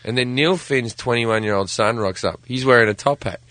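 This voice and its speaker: An Australian man, a comedian guest on a talk show, telling an animated comic story and acting out voices. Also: mid-range voice, fairly quick, no room sound.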